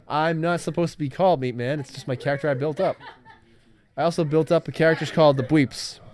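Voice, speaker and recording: A man's voice: a little high, fairly even intonation, fast talker, darkish tone. Rambling young man, hesitant storyteller. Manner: rambling, hesitant, full of fillers and restarts. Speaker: guest telling his made-up stories. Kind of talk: casual rambling chat on a livestream.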